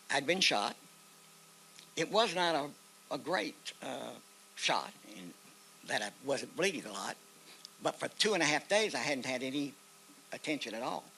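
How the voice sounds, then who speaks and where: In poor audio with slight background noise, an older man's creaky, bright, forceful mid-range voice carries an Oklahoma accent. He is a veteran and guest speaker at an outdoor park memorial ceremony, telling a personal war story in a folksy manner and acting out the voices in it.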